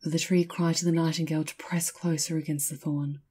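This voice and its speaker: Husky low-voiced lady reading a fairytale, slow and lyrical, mellow tone. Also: flat delivery. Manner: measured, lyrical. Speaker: storyteller. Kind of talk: scripted storybook narration.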